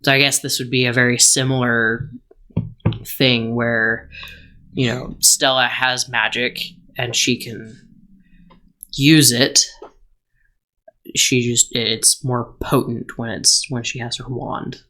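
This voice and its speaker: Slow, bright-voiced male co-host. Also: mid-range voice, little pitch movement. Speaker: podcast co-host. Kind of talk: casual chat.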